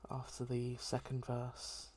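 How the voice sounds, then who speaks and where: Gentle vlogger musing out loud, slow and level, lots of ums and pauses. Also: medium pitch, monotone, background noise. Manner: soft, hesitant, reflective, many pauses and ums. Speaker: daily channel host. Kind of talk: heartfelt solo chat.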